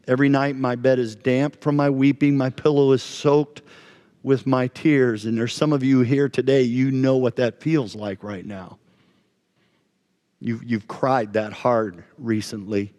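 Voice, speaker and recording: A male pastor preaching a sermon in a conversational way, asking his congregation questions. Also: medium pitch. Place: church sanctuary. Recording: long church reverb.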